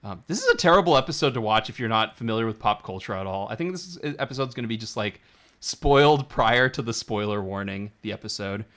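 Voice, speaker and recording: A man's voice: fairly low pitch, expressive, fast talker, a bit bright. A man co-hosting a podcast, chatting enthusiastically with frequent restarts. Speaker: podcast co-host. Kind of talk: casual chat.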